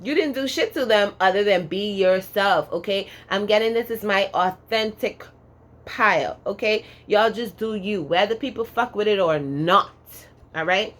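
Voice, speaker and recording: A woman's voice: mid-range voice, moderate pace, fairly bright tone. A woman giving a casual pick-a-card tarot reading in a sassy, profane, emphatic way, drawling words for emphasis and tagging lines with "okay?".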